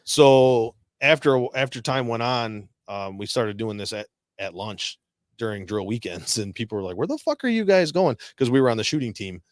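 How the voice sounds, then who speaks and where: A man's voice: lowish voice, normal speed, no echo, studio quality. A man from Detroit telling war stories casually as a guest, swearing and laughing often. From Detroit, Michigan. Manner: profane, laughing, animated quoting. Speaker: veteran guest. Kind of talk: casual storytelling.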